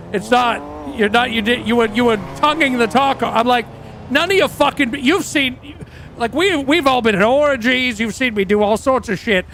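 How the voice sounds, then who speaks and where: A man playing a crude, high-voiced rock star. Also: gravelly, fairly bright tone, slight background noise, exaggerated voice. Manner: rambling, profane storytelling. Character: crude, boastful aging male rock singer. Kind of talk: role-play livestream.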